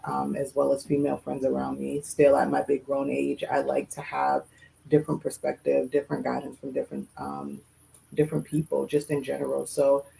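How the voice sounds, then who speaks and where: A young adult woman co-hosting a podcast, talking thoughtfully and hesitantly with many pauses and fillers. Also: rumbling low, lively intonation, gravelly, dark tone, rough recording. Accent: Boston. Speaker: podcast co-host. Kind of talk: casual chat.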